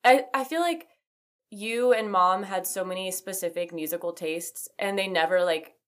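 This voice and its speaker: A woman's voice: medium pitch, normal speed, a bit bright. A young woman hosting a podcast, chatting casually with lots of "like" fillers and easy laughter. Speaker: podcast host. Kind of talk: casual chat.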